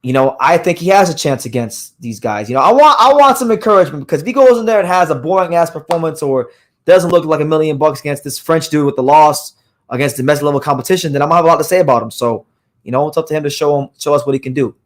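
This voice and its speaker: A hoarse man hosting a live boxing news show, talking casually and rambling with frequent restarts and fillers. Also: a little high, lively intonation, fast talker. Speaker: boxing podcast host.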